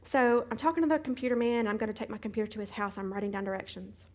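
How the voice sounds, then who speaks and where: A middle-aged woman teaching a Bible study, retelling a hectic day as an animated testimony with sound effects. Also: mid-range voice, racing.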